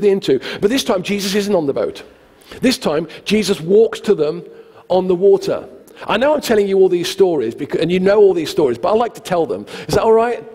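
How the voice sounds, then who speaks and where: A man's voice: a little high, husky. Man preaching in a reverberant hall. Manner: conversational, animated storytelling with acted quotes. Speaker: pastor. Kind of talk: sermon. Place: church hall.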